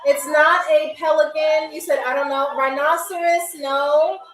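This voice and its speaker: A woman's voice: high voice, steady tone, a little slow, a bit bright, echoey room, soft background music, low-quality recording. A young woman hosting a live-stream game show, chatting casually with viewers while she draws, playful and calling them "y'all".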